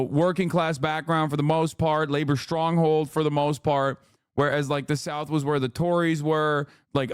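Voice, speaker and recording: A man's voice: a little high, clear, resonant tone, dry recording. Ranting male streamer, dry close sound. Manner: heated, ranting, swears often; reads chat aloud and answers it. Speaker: streamer host. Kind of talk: live political commentary.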